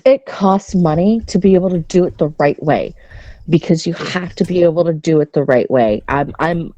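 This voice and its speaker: Woman podcast co-host, bawdy casual chatter, low-ish voice, dull dry lo-fi audio. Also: warm tone, no echo. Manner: chatty, candid, bawdy, many restarts. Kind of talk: casual chat.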